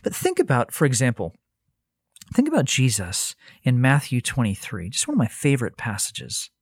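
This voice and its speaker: A man's voice: medium pitch, a little mellow, dry recording, clean studio sound. A man giving a conversational Bible teaching, earnest and thinking aloud, often restarting his phrases. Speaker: Christian teacher.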